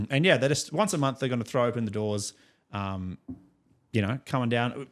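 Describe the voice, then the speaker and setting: This young Australian man co-hosts a music podcast, his medium-pitched voice animated and moving at a normal speed. He spins stories in a loose, rambling way, chuckling often through the casual chat.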